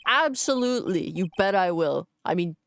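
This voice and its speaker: A woman's voice: fairly low pitch, expressive, normal speed, creaky. A woman streaming a game in casual commentary, playful and cursing, reading the game's text aloud as she goes.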